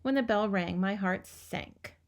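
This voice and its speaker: Reader: woman, mid-pitched, expressive children's-book narration. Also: measured pace. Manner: expressive, lively storytelling. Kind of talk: reading a children's book aloud.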